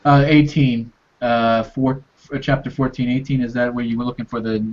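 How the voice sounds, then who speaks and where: A man's voice: mid-range voice, level tone, normal speed, a little mellow. Brief: easygoing, helpful man with a mid-range voice, muffled call audio. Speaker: Bible study participant. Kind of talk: casual group discussion.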